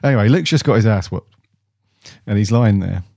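A man's voice: fairly low pitch, lively intonation, brisk, creaky, a little mellow, no echo, clean studio sound. A man co-hosting a fan podcast, in laid-back banter with casual swearing. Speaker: podcast co-host. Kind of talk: casual chat.

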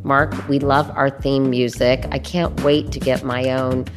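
A woman hosting a podcast, her low voice thick and throaty from a cold. She chats casually while music runs clearly under her. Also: level tone, a little slow. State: congested from a cold. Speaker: podcast host. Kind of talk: casual chat.

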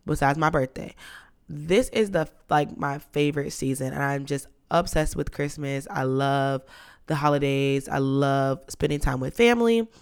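A young woman hosting a podcast in casual chat, playful and dramatic, her voice lowered and rough from being sick. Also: normal speed, darkish tone. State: sick, voice deeper than usual. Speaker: podcast host.

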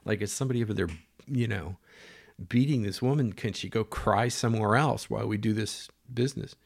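A man's voice: on the low side, brisk, vocal fry. A middle-aged man telling a story in a rambling, conversational way, full of fillers and acted-out quotes. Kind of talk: casual spoken storytelling.

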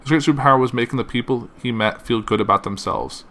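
A man reading a statement and a series of tributes aloud, halting often with fillers and stumbles, and saying it is hard to keep going. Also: mid-range voice, fairly bright tone. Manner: halting, with frequent uh fillers and self-corrections. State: emotional, finding it hard to continue.

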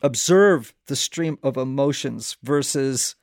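A man hosting a casual interview, telling stories in an animated way and laughing often. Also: mid-range voice, takes it slowly, no room sound, studio quality. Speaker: podcast host.

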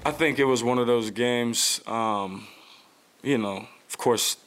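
A man in his thirties answering press conference questions in a relaxed, reflective way with many fillers. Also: mid-range voice, slow pace. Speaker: football player at press conference.

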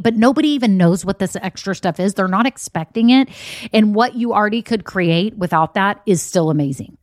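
A woman's voice: medium pitch, no room sound, studio quality. A woman hosting a solo business podcast, talking straight to her listeners in an upbeat, emphatic way. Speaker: podcast host and online business coach. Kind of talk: solo motivational podcast talk. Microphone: podcast microphone.

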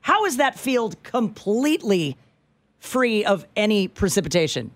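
A woman co-hosting talk radio with a playful, bouncy delivery. Her pitch swings widely from low to high. The sound is close and dry. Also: sing-song, dry recording. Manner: playful, quick to laugh. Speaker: radio co-host. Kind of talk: casual talk radio banter.

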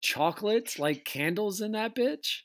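A man's voice: high voice, a little slow. A man hosting a casual chat, teasing and swearing a lot as he asks his guest questions. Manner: profane, teasing, animated. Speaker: podcast host.

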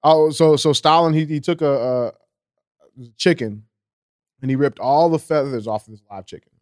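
A man's voice: on the high side, moderate pace, a little mellow, dry recording, studio quality. A man co-hosting a podcast who speaks bluntly and profanely, telling stories in a casual way. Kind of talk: casual chat.

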